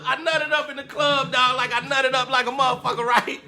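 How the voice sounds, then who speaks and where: A man casually telling a lively, slangy story about his club days and acting out the quotes. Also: very high voice, a little fast, few pauses, soft background music. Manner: animated, slangy, acts out quotes with laughter.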